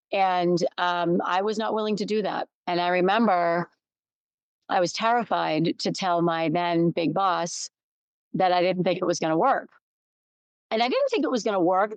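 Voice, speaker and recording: A woman's voice: on the low side, dry recording, dull audio. A middle-aged woman hosting a solo podcast, telling a personal story candidly, with restarts and emphatic repetition. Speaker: podcast host. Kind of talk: reflective solo podcast talk.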